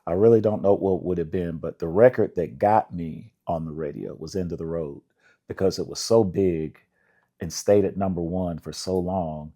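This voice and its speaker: An older man from Indianapolis, a songwriter being interviewed, telling relaxed stories with laughter and acting out the voices of people he quotes. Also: low-pitched, normal speed. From Indianapolis, USA. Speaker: songwriter guest.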